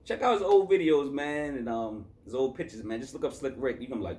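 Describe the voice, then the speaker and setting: A tired man from Boston talks through a classic hip-hop album in a rambling, casual way. His voice has a lively, animated pitch that bounces around, and he keeps stopping to correct himself. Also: brisk. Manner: loose, chatty, filler-heavy, self-correcting. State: tired after a work shift. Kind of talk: casual rambling review chat.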